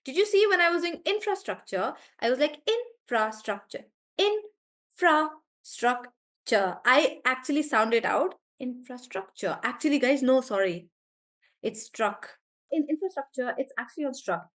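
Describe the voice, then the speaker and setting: Woman teacher in a live online lesson, slightly high voice, animated, stretches words out to demonstrate stress. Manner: animated, drawn-out demonstration of syllable stress, self-correcting.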